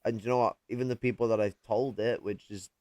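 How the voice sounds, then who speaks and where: A man's voice: fairly low pitch, steady tone, fast, over a noisy crowd. A man in casual podcast chat, rambling, swearing freely and laughing often.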